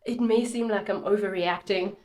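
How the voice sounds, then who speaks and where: A woman in her thirties chatting casually at home as a beauty vlogger, telling stories in an animated, laughing, dramatic way. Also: medium pitch, moderate pace. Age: 30s. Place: indoors at home. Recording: roomy echo.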